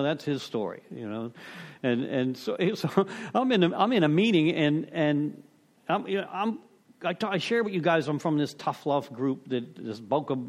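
A man's voice: on the high side, a little mellow. A middle-aged man sharing at a recovery meeting, rambling through a story with many restarts, "you know"s and casual cursing.

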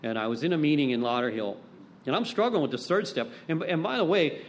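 A man's voice: on the high side, expressive, fast talker, a little hiss or hum. A middle-aged man giving a personal recovery talk at a meeting. He tells stories bluntly, with some swearing, and acts out the voices of people he quotes. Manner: blunt, profane storytelling.

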